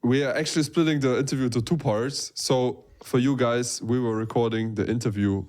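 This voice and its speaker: A young man co-hosting a podcast, talking in a relaxed, chatty way with frequent restarts. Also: mid-range voice, a little fast. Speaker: podcast co-host. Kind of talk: casual podcast chat.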